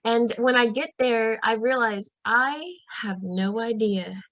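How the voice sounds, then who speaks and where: A young woman guest on a podcast, telling a personal story in a lively, casual way and acting out what people said. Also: slow, no echo, muffled recording. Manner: lively, acts out quoted voices in a higher pitch; frequent fillers and restarts.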